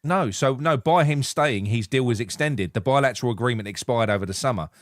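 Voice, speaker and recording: A man from England co-hosting a casual football podcast, animated and swearing freely, reading out viewer comments. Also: mid-range voice, a little fast, no room sound. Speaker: podcast co-host.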